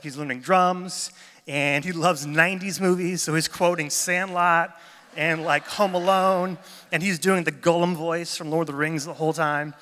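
A man's voice: fairly high pitch, pushed and bright. A man speaking as a pastor in a church gathering, chatty and enthusiastic in his storytelling, a little jet lagged. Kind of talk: casual sermon talk. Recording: long reverb of a large hall.

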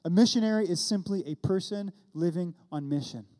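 This Californian pastor in his forties has a high-sitting, dark voice and talks a little fast. Recorded with a long hall reverb, he preaches a sermon and acts out both parts of a dialogue within his story.

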